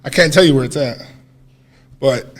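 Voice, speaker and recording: A man co-hosting a podcast, casually telling a story in an animated way, swearing freely and acting out what people said. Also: medium pitch, normal speed. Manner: animated, swears freely, acts out quoted dialogue. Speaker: podcast co-host.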